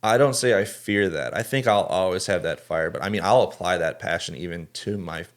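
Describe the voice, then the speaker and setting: Low-voiced man in earnest podcast chat. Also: a little fast. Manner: restarts sentences often, earnest and driven. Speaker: tour photographer and videographer.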